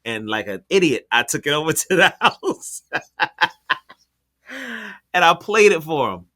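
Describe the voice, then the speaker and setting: A man's voice: fairly high pitch, sing-song, a little slow, sharp tone. A man hosting a talk show, telling a story in a loose, slangy way with lots of fillers and restarts. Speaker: podcast host. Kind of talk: casual conversational storytelling.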